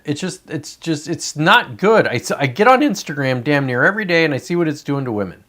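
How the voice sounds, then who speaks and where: A man's voice: fairly high pitch, lively intonation, fairly quick, hardly any pauses, sharp tone. A man ranting on a casual livestream, frustrated and profane, rambling with many restarts. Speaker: livestreamer and real estate agent.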